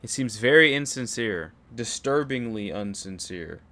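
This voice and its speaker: A man's voice: medium pitch, animated, a little slow, pushed and bright. A man giving casual, laid-back reaction commentary with a mocking edge.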